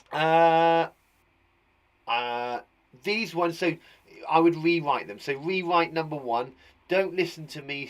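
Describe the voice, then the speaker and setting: An English man teaching young children online, his voice sitting a little high for a man. He is patient and encouraging, thinking aloud as he writes out each example. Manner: patient, encouraging, talks aloud while writing. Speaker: primary school teacher. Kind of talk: live online English lesson.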